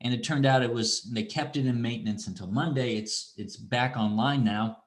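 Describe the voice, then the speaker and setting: A middle-aged man teaching an online astronomy class, talking in a relaxed, rambling way with restarts and asides. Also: medium pitch, normal speed. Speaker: university astronomy instructor. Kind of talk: online lecture with screen demo.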